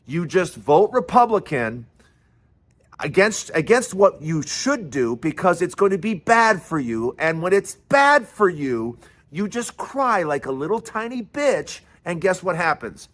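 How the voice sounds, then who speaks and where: A man with a fairly high voice hosts his own political commentary, ranting with fiery scorn. He mocks his targets sarcastically and swears freely. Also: big pitch swings, measured pace, fairly bright tone. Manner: sarcastic, mocking and profane.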